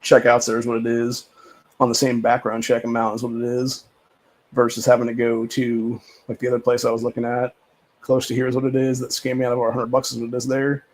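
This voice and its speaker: A man's voice: mid-range voice, monotone, a little fast, a little mellow, poor audio. A man hosting a livestream, talking in a rambling, profane, casual rant with lots of repeated filler phrases. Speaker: livestream host.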